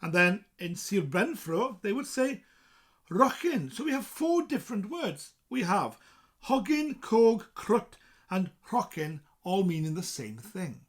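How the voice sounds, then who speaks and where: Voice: medium pitch, big pitch swings, measured pace. A presenter from South Wales with a South Welsh accent, explaining things in a chatty, casual way and reading points from a list with asides.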